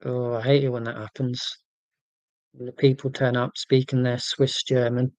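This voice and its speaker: An English man in his forties with a near-London accent, chatting through viewer comments on a livestream. His delivery is a flat monotone, careful and clear. The recording is dry, with no room sound. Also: mid-range voice, dry recording, poor audio. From England, near London. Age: 40s. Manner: monotone, careful and deliberate about being clear. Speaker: livestream host. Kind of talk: casual livestream chat, reading out viewer comments.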